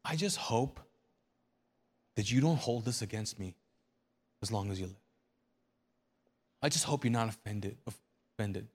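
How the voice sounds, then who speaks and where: A man voicing a loving but firm male divine figure within a sermon, speaking gently and quietly. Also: on the low side, unhurried, pauses often, husky, pitched below the performer's own voice. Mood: solemn.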